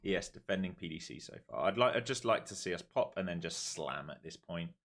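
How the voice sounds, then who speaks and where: A man streaming his day trading live, talking through charts calmly and then groaning and swearing at the market when it moves against him. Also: low voice, fairly quick, creaky. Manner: swings from calm chart talk to exasperated outbursts at the market.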